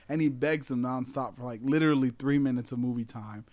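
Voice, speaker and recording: A man's voice: mid-range voice, brisk, darkish tone, dry recording. A man chatting casually, rambling and laughing often, acting out quotes as he tells a story. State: intoxicated. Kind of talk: casual chat.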